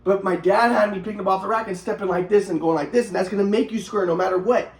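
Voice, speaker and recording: A man's voice: high voice, steady tone, fast, gravelly. A man rambling agitatedly through a personal story, swearing often and restarting his sentences. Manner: agitated, profane, repeats and restarts himself. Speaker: vlogger telling his own story. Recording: echoey room.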